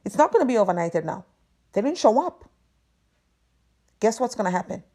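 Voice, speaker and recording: Woman host, mellow tone, venting hard, swears a lot, emphatic rant. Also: medium pitch, sing-song, moderate pace. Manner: exasperated, profane, emphatic. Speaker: podcast host. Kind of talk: ranting monologue.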